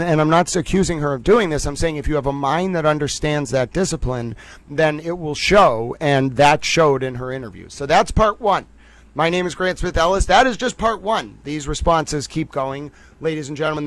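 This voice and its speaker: Boston guy ranting on his stream, kinda high voice, rambles and restarts a lot, dead dry sound. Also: no room sound. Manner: rapid, digressive, with frequent fillers and restarts. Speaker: commentary livestream host. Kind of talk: casual analytical commentary.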